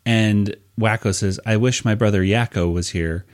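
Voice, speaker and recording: A man with a fairly low voice talks through a comic in a loose podcast chat. He pauses often with fillers, then picks the thread back up. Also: steady tone, clear, resonant tone. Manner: hesitant, lots of fillers, reads out quotes. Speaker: podcast co-host. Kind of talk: casual chat reviewing a comic.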